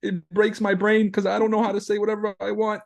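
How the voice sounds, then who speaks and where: A man putting on a high whiny voice to mock a timid, easily rattled man. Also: monotone, fast talker, creaky. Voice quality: high, mocking whine.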